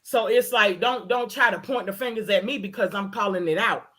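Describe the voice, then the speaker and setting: A woman's voice: medium pitch, a little fast, a bit bright. A woman hosting a casual talk, ranting in a heated, emphatic way and repeating her points. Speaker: host. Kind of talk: casual chat.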